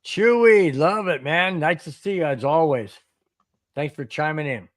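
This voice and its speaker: A man's voice: on the high side, unhurried, dry recording, studio quality. A man hosting a sports podcast in an earnest, casual way, often repeating and restarting his words. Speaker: podcast host. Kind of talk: casual live-stream chat.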